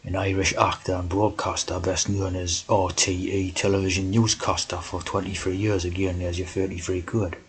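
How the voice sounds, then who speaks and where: A man's voice: sits low, level tone, normal speed, few pauses, rough recording. A man talking in a rambling monologue, constantly tagging his sentences with "right?" and "you know".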